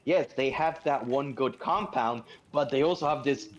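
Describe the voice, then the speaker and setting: A man's voice: medium pitch, moderate pace, muffled recording. A man in casual chat, explaining things and agreeing with friends.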